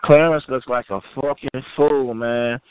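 A man hosting a call-in show, trading crude taunts and repeating insults loudly. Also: mid-range voice, steady tone, unhurried, clear, resonant tone, dry recording. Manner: loud, taunting, repetitive insults. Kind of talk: crude trash-talking call-in banter. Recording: phone-like lo-fi line, dry.

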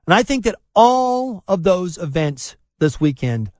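A man hosting a talk radio show, telling stories in an animated, sarcastic way and mocking people in put-on voices. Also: sits high, measured pace, dry recording.

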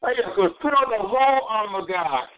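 Male pastor, very high voice, lively preaching that repeats key lines, heard through a tinny phone line. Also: brisk. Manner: lively preaching, swings between high exclamations and low asides; repeats phrases for emphasis. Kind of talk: sermon.

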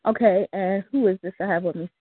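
A woman's voice: mid-range voice, quick pace, husky, no room sound. Woman, call-in show host, upbeat, slangy, tinny phone-like audio, dry. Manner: upbeat, laughs often, loose slang. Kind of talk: casual live call-in hosting.

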